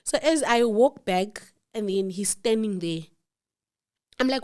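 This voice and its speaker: Woman, guest, lively storyteller who voices everyone she quotes, mid pitch. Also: normal speed. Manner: animated, acts out quoted dialogue, laughs in disbelief. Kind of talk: personal storytelling.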